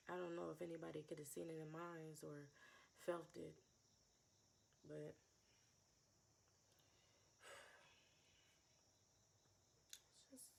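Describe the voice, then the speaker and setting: Twenties woman, low gravelly voice, raw heartfelt confessional vlog with repeated phrases. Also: little pitch movement, very slow, long pauses, a little hiss or hum. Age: 20s. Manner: raw, emotional, repeats phrases, sighs between thoughts. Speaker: vlogger.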